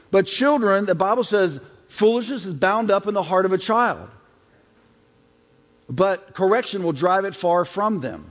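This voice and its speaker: A middle-aged male pastor with a high-pitched voice delivers a conversational sermon, slipping into acted-out quotes. His voice rings with the long reverb of a big hall.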